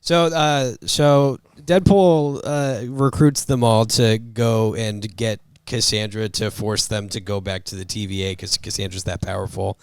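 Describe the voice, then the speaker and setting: A man's voice: on the low side, unhurried, hardly any pauses, smooth, no room sound. A man co-hosting a casual movie review chat, animatedly retelling scenes. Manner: animated retelling, acts out quotes. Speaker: podcast co-host.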